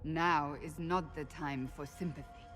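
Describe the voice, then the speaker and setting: A woman's voice: low voice, steady tone, unhurried, fairly bright tone. An actress playing a proud, stern woman warrior who speaks in a firm, commanding way. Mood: tense. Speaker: warrior companion. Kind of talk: video game voice acting.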